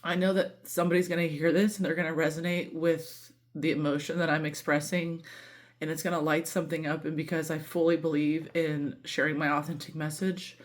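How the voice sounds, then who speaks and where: A woman's voice: sits low, level tone, fairly quick. A woman giving a casual tarot reading, emotional and candid, swearing freely and talking with lots of fillers. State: voice breaking with emotion. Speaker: tarot reader.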